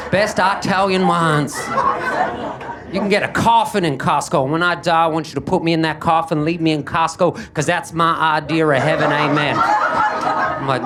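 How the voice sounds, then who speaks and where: A young man doing stand-up on a club stage into a handheld mic, dry and self-deprecating, with sudden jumps into a higher voice. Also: lively intonation, normal speed. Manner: dry, self-deprecating delivery with sudden high-pitched bursts. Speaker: stand-up comedian. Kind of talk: stand-up routine. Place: comedy club stage with audience. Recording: live stage recording with crowd noise.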